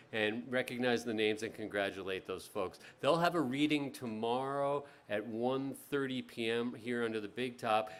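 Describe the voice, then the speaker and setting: A man hosting a literary festival, making loose, chatty announcements with frequent ums and restarts before introducing a reader. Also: mid-range voice. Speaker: festival host. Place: outdoor tent stage.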